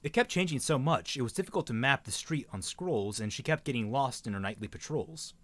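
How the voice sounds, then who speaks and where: Animated man hosting a read-along. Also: medium pitch, fairly quick. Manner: chatty, rambling asides with small stumbles. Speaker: host reading a novel aloud. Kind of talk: casual chat and read-aloud.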